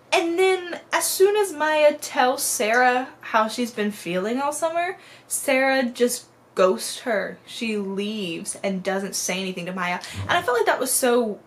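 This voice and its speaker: A woman's voice: fairly high pitch, a little hiss or hum. A young adult woman giving a chatty book review, full of "like" and acted-out quotes of the characters. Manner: chatty, lots of "like", animated quoting. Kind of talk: casual chat.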